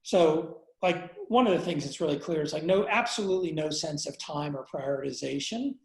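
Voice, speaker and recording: A man interviewed as a guest, telling a personal story candidly with many pauses, fillers and restarts, and some blunt swearing. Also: a little high, creaky, darkish tone, roomy sound, rough recording. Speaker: interview guest, entrepreneur and investor.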